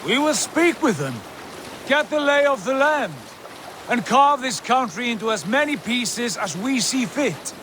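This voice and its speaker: An actor playing a calm, authoritative Viking jarl who leads his crew in a video game. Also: very high-pitched, a little hiss or hum, full character voice. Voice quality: measured, authoritative. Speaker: jarl leading a landing party.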